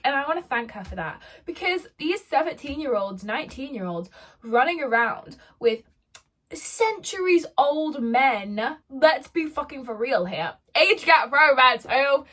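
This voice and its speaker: Young woman, book vlogger, casual and dramatic, slightly high voice. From United Kingdom. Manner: dramatic, chatty, self-mocking. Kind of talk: casual chat.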